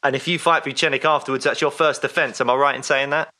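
A man's voice: mid-range voice, steady tone, fast talker, bright, forceful tone. A man hosting a fan podcast, asking long rambling questions in a casual interview. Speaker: podcast host.

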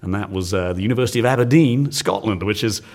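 A man in his forties from the United Kingdom, a science teacher telling stories as a guest in an interview, animated and laughing often. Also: fairly low pitch, fast talker. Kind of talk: storytelling in an interview.

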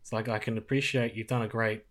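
A man's voice: fairly low pitch, level tone, quick pace, fairly bright tone. Rambling man in a casual film chat. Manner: rambling, hesitant, frequent restarts and laughs. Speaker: podcast co-host.

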